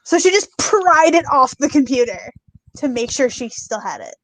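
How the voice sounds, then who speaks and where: A woman's voice: high voice, very animated, normal speed, fairly bright tone, no room sound. A woman chatting in a friendly, talkative way as a guest joining a livestream over a video call. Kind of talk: casual chat.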